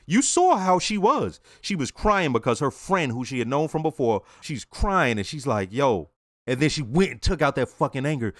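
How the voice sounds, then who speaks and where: A young man talks through a TV episode he just watched, blunt and profane. His pitch swings widely as he acts out the characters in quick asides. The sound is close and dry, with no room echo. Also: sing-song. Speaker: reaction channel host. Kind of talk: casual review after watching an episode.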